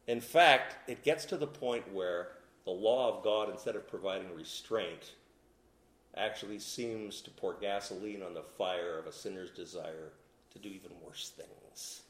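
A man preaching a sermon as pastor, swinging from loud emphatic peaks to low quiet asides, in what sounds like a church. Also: unhurried. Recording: echoey room.

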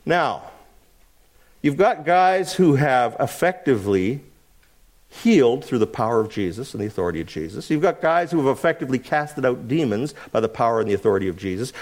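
A man preaching a sermon in an animated way, asking his congregation rhetorical questions. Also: on the high side. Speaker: pastor.

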